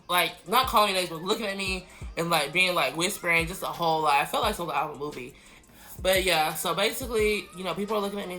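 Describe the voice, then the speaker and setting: A man's voice: sits high, bright, forceful tone. A young man in his late teens telling a school story in casual storytime chat, full of "like" fillers and acted-out quotes. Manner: chatty, many "like" fillers, acts out quoted friends. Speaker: vlogger.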